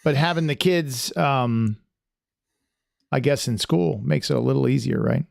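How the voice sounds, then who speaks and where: A man's voice: mid-range voice, unhurried, vocal fry, no echo, studio quality. A man hosting a podcast in casual chat, rambling with many restarts and fillers in a friendly, chatty way. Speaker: podcast host.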